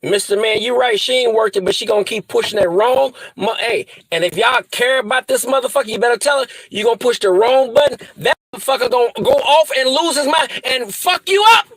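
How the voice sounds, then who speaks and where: Male vlogger, high voice, dry room, angry threatening rant full of repeated insults. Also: fairly quick, few pauses, fairly bright tone, no echo, poor audio. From US Midwest.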